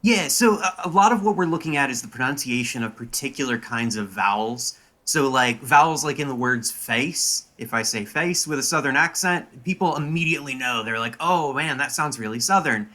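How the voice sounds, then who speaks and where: Young male academic guest, laid-back explaining, bright forward tone. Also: mid-range voice, expressive, brisk, few pauses. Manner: casual, many "like" fillers, explanatory. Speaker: linguistics professor. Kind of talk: interview answers.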